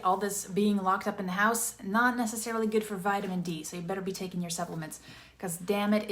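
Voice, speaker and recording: Upbeat chatty woman coaching on a livestream. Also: mid-range voice. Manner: upbeat, chatty, energetic with bursts of enthusiasm. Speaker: interactive storytelling coach. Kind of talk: live-streamed coaching talk. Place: room with some echo.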